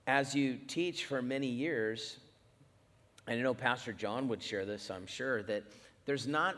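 A middle-aged man, a pastor preaching a sermon in a church, telling stories with animated swings in loudness. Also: mid-range voice, in a large hall.

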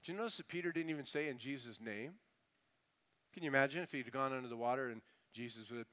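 A man's voice: medium pitch, quick pace, pushed and bright. A man preaching a sermon in a conversational, humorous way, mocking pompous prayer voices before turning earnest. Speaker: pastor.

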